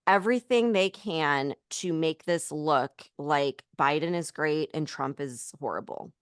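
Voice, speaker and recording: A woman's voice: sits low, a little slow, clean tone, no room sound, clean studio sound. A woman co-hosting a political podcast, ranting in a heated, emphatic way in casual chat. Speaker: podcast co-host.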